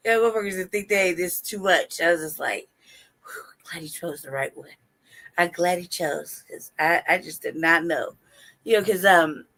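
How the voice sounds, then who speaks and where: A woman's voice: lowish voice, fairly bright tone, low-quality recording. A woman hosting a live stream, telling candid personal stories in casual chat. She swears freely, laughs often and acts out what she and others said.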